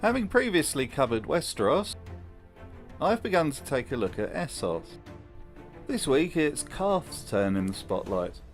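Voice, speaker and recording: A man's voice: mid-range voice, big pitch swings, unhurried, faint music behind. A man hosting a comedic video essay, narrating with dry, mocking commentary.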